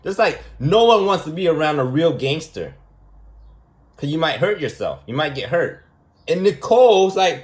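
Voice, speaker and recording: A man's voice: on the high side, sing-song, moderate pace. A man talking as a preschool teacher in a rambling, mocking monologue, repeating his points for emphasis. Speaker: preschool teacher giving a lesson.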